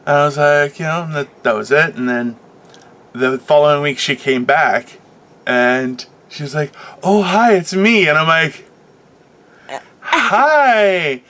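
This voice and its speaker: Bright-voiced high-pitched male comedian. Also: slow. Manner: rambling storyteller, laughs through his own jokes. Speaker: podcast co-host. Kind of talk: casual comedic chat.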